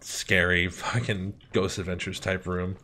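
A young man hosting a gaming channel, casually commenting on gameplay and telling a story, animated and swearing with lots of fillers. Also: sits low, a little slow, slight background noise.

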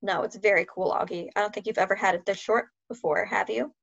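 A woman voicing a warm, joking middle-aged father who speaks softly and apologetically in a read-aloud story. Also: mid-range voice, fast, creaky. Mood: tender. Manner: soft, tender, apologetic. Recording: dull lo-fi sound.

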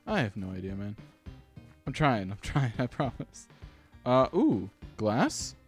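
A man hosting a gaming channel, giving rambling, self-deprecating let's-play commentary with sudden excited outbursts. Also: medium pitch, slow, long pauses, soft background music.

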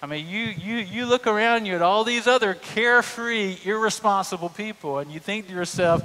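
A man's voice: sits high, normal speed, few pauses, pushed and bright. A male pastor, preaching a sermon in a humorous, conversational storytelling way. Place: church sanctuary. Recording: long church reverb.

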